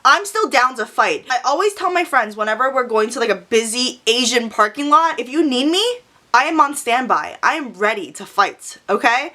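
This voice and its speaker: A young woman tells a story straight to her vlog audience, brash and full of swearing. Her voice sits high and bright, and she jumps quickly from one thought to the next as she keeps it animated. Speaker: vlogger.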